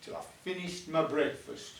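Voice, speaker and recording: A man's voice: on the high side, moderate pace, fairly bright tone, pitched below the performer's own voice, close to an everyday voice. An older man voicing a hungry, businesslike little male goblin in a matter-of-fact way. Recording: echoey room, mic at a distance.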